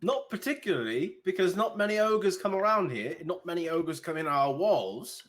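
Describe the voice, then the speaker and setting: A young town guard voiced by a man who pushes his pitch well up and snaps out demands. He stays suspicious and exasperated and will not let anything slide. The delivery swings widely and sounds plainly put on. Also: animated, normal speed, a bit bright.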